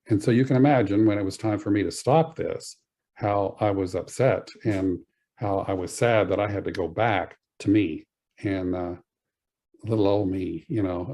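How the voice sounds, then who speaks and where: Appearing as a guest on a podcast, a man earnestly shares a personal spiritual story, speaking haltingly with frequent pauses and filler words. His voice sits somewhat low and sounds mellow.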